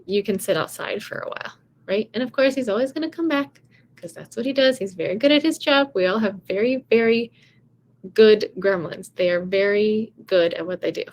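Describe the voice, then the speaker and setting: A woman's voice: mid-range voice, moderate pace. A woman vocal coach giving casual, encouraging advice in a chatty way, often saying "you know" and "right".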